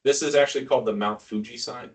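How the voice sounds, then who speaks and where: A man's voice: mid-range voice, quick pace, recorded from a distance. Joking male surgeon lecturing from afar. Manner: informal, joking, quizzes the audience. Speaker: neurosurgeon lecturing ICU staff. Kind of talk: casual teaching lecture with quiz questions. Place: hospital teaching room.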